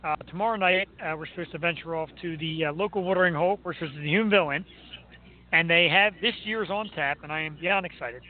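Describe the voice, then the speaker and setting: A man's voice: fairly high pitch, quick pace. A man hosting a radio show, chatting casually in a joking, self-mocking way. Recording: tinny phone-like line.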